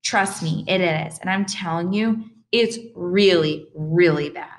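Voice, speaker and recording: A woman's voice: fairly low pitch, unhurried, natural voice. A woman voicing an exasperated, insistent middle school boy in a storybook reading.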